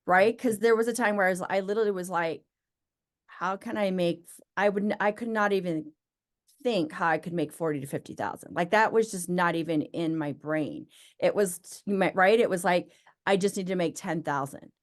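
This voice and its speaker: A woman who owns a business, talking as an interview guest and acting out her own excited thoughts as she tells her story. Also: mid-range voice, normal speed. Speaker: interview guest, med spa owner. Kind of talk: casual interview conversation.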